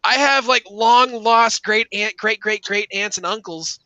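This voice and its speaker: A man's voice: sits high, measured pace, pushed and bright, highs cut off. A man co-hosting a casual podcast chat, rambling and swearing, laughing often. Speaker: podcast co-host.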